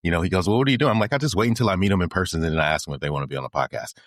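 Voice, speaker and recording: A man's voice: low-pitched, lively intonation, racing, fairly bright tone, no room sound, studio quality. A man hosting an interview podcast, telling stories in a casual way, quoting past conversations and often restarting his sentences. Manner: storytelling, quotes past conversations, many restarts. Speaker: podcast host.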